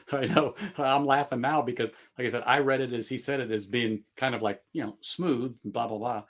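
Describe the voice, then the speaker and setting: A man's voice: mid-range voice, steady tone, moderate pace, a bit bright. A man hosting a casual livestream chat, rambling with many fillers and restarts and laughing often. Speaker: livestream host.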